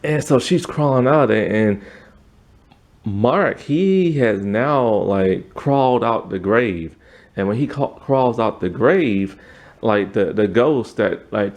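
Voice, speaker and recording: A man's voice: lowish voice, darkish tone. A man giving a casual, rambling spoken review of a TV episode, retelling the plot with many fillers.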